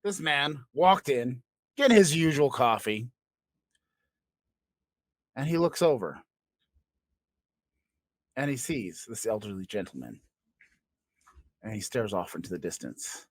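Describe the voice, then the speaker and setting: A man's voice: medium pitch, big pitch swings, takes it slowly, long pauses, dry recording. A man co-hosting a comedy podcast, spinning absurd made-up stories in a playful, joking way. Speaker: podcast co-host.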